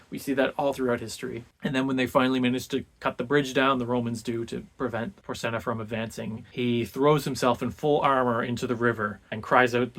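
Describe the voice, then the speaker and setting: A man's voice: mid-range voice, vocal fry. A man hosting a book club, casually retelling an ancient history book and acting out the figures' lines in everyday modern speech. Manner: animated storyteller, acts out quotes in a casual modern voice.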